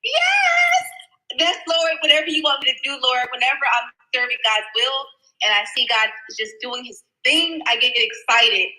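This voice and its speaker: High, very bright exuberant woman. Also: rough recording. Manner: exuberant, effusive. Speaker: guest speaker. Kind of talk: motivational faith talk.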